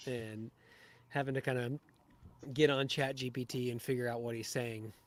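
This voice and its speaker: A man's voice: mid-range voice, steady tone, normal speed, very noisy. A man hesitantly sharing a funny memory from a group trip. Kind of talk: casual chat.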